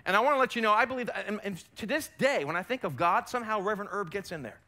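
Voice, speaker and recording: A pastor preaching live in his church, his voice a touch high and very bright. He presses his points hard, then drops low and soft before building up again. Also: animated, rapid-fire. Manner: emphatic preaching, rising and falling in force. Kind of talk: sermon. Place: church sanctuary.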